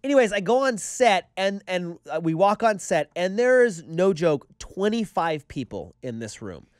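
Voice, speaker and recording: A podcast co-host tells stories animatedly in casual chat, acting out the quotes. His high voice is clean-toned at a moderate pace, recorded dry on a close mic with no room sound.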